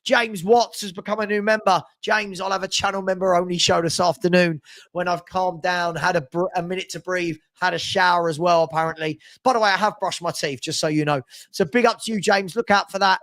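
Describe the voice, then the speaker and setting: Reading super chats aloud on his fan live stream, this man jokes around with viewers, animated and chatty. He speaks briskly in a high voice, with no room sound in the recording.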